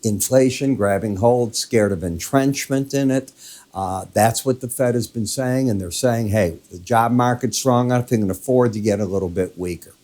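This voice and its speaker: A man's voice: medium pitch, moderate pace, a little mellow. An older man hosting a daily financial market wrap-up in a conversational, emphatic way, coughing now and then from a lingering illness. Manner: conversational, emphatic, walks through charts. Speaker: market commentator, host.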